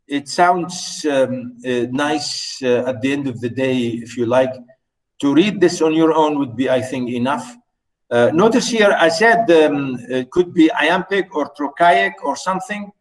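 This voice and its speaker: A male lecturer talks through poetry slowly and haltingly, full of fillers and restarts. His voice sits a little high for a man. He keeps checking whether his students are following. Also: poor audio. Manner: hesitant, many fillers and restarts.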